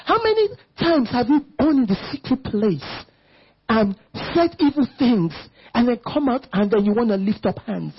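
A woman delivers a fervent sermon, her voice swooping up and down as she reads scripture slowly and presses each point. Her tone is very husky and breathy. The recording is dull and lo-fi. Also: fairly high pitch, very animated. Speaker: church speaker.

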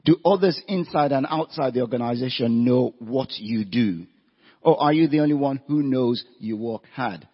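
A man's voice: medium pitch, moderate pace, husky. A man giving an evening seminar talk with slides, firing rhetorical questions at his audience and stressing his points. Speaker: career talk speaker. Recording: echoey hall, dull lo-fi sound.

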